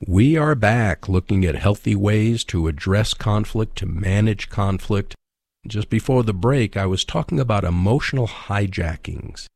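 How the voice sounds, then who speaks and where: Male radio Bible teacher, low gravelly voice, emphatic and conversational. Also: lively intonation, unhurried, darkish tone, no room sound. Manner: emphatic, conversational, repeats key points.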